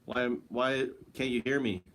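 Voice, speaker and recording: A man's voice: medium pitch, steady tone, measured pace, fairly bright tone. A man hosting a solo livestream from home, rambling in a wry, joking way and talking to an absent listener. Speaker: livestream host.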